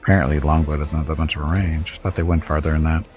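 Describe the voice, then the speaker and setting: A man's voice: extremely low pitch, steady tone, racing, a little mellow, soft background music. A man streaming a video game, chatting casually with viewers and making wry, chuckling asides. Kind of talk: casual let's-play commentary.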